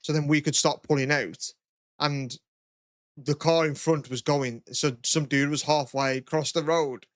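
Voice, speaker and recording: A man's voice: fairly high pitch, steady tone, a little slow, no echo. Young English man telling stories, laughing. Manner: storytelling, swearing, breaks into laughter. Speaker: podcast co-host. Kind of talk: casual chat.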